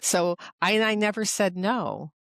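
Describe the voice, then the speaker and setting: A woman's voice: mid-range voice, animated, a little slow, creaky, no echo. A middle-aged woman coach talking casually in an interview, rambling and chatty, full of "you know" and "like". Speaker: guest, executive coach.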